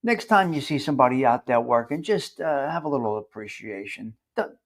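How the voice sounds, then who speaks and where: A man's voice: mid-range voice, lively intonation, a little fast. Rambling North Jersey man. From New Jersey. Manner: rambling, repeats words for emphasis. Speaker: podcast host. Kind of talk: casual monologue.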